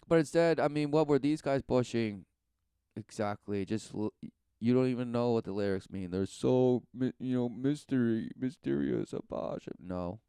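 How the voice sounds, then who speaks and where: A man's voice: medium pitch, dark tone, smooth, no room sound, clean studio sound. A man preaching in a rambling talk, often tossing in rhetorical questions. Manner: rambling, keeps asking "who knew" and "right?".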